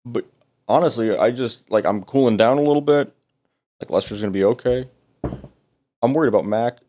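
A man playing a tabletop game, talking casually in a blunt, animated way. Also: mid-range voice, brisk. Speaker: player.

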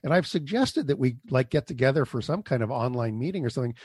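A man's voice: medium pitch, animated, fast talker, darkish tone, breathy edge, dry recording. Dry-voiced chatty male podcast host. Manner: chatty, rambling, with fillers and restarts. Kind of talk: casual interview chat and show outro.

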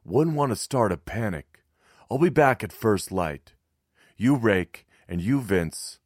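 A man's voice: on the low side, expressive, takes it slowly, dry recording, studio quality, voice pushed up. Man voicing a grim scaled resistance man. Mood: resolute. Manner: clipped, serious, steadying. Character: tense, guarded grown man with neck scales, resistance fighter.

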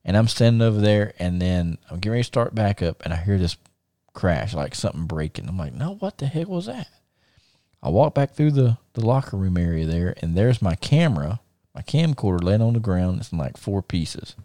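A man's voice: low-pitched, fairly quick, no echo, clean studio sound. A middle-aged man, hosting a podcast and telling a story in casual chat, acting out the voices of the people in it. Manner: animated storyteller, acts out quoted voices; frequent fillers and restarts. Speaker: podcast host.

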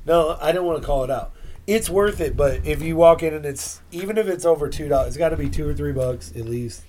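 Excitable, foul-mouthed young podcast host. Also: male voice, fairly high pitch, a little fast, slight background noise. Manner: rambling, profane, excitable storytelling. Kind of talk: casual chat.

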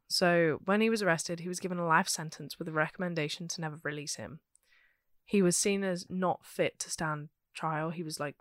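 Woman, London accent, podcast co-host, true crime narration, low pitch, dry close sound. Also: no room sound. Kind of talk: casual chat reading out researched notes.

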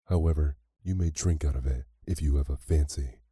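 A man's voice: a bass voice, steady tone, measured pace, dark tone, breathy edge, no room sound, studio quality, full character voice. A man voicing a proud, rude spoiled young woman in a storybook reading, haughty and sneering.

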